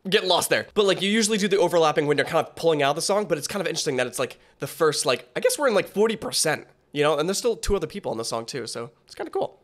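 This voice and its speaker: A man's voice: a little high, lively intonation, racing, hardly any pauses, a bit bright, a little hiss or hum. Rambling young man reacting to a song. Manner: rambling, many fillers and restarts. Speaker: reaction video host. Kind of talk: casual reaction commentary.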